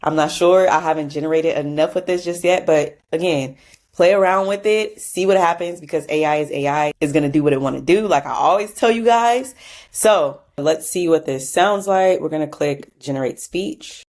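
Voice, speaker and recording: Woman, low voice, chatty tutorial host, casual asides and laughs. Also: moderate pace, darkish tone. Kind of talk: casual screen-recorded software tutorial.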